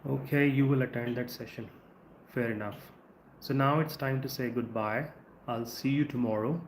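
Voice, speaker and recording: A man with an Indian English accent teaching English in a live stream, speaking conversationally and drawing out words slowly to show word stress. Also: medium pitch, steady tone. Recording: echoey room with faint ambient noise.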